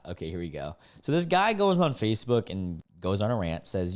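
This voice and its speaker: Slangy low-voiced man reacting to posts. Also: huge pitch swings, fairly quick, few pauses. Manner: slangy, says "dude" and "bro" often; sudden jumps to high, loud outbursts. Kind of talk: casual reaction commentary.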